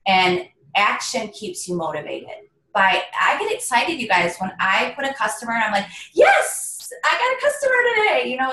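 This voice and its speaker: An upbeat woman coaching her team over a video call, her voice at an ordinary middle pitch. The sound is roomy and echoey, like a webcam mic in a bare room. She talks in an encouraging, motivational way. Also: a bit bright, a little hiss or hum. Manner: upbeat, motivational, addresses listeners as you guys. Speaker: direct sales team leader. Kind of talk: training call on video chat.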